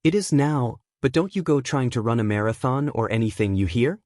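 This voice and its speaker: A man voicing a fussy, doting elderly granny nurse, pitched well above his own voice. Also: lively intonation, brisk, darkish tone, no room sound, studio quality, close to an everyday voice.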